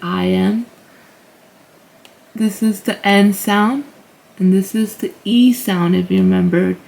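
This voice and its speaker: A young woman hosting a tutorial, explaining step by step in a relaxed way with lots of "like" and "um". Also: medium pitch, creaky. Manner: relaxed, filler-heavy explaining with "like". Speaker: language tutorial host. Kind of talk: casual teaching walkthrough.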